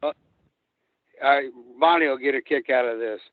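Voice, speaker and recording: A man's voice: mid-range voice, moderate pace, no echo. An older man calling into a show, telling rambling, profane road stories. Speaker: guest wrestler. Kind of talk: storytelling on a phone-in. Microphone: phone. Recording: tinny phone line.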